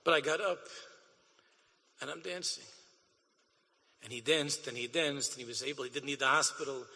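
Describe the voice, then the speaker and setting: A man's voice: mid-range voice, normal speed, creaky, bright, forceful tone, long reverb tail. A man, a rabbi, tells an emotional story to an audience, dropping Yiddish and Hebrew words and repeating his phrases.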